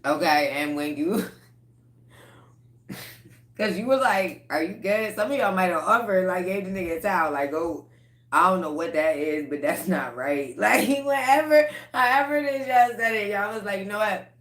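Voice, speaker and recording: A woman's voice: medium pitch, moderate pace, fairly bright tone, echoey room. A woman giving a casual tarot collective reading, blunt and profane, breaking into laughter often. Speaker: tarot reader.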